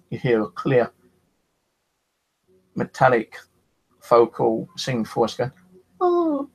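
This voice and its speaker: A man's voice: mid-range voice, a little hiss or hum, poor audio. A man with a rambling, casual way of telling his paranormal experiences, swearing freely and filling gaps with "you know". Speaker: paranormal investigator. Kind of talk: casual storytelling.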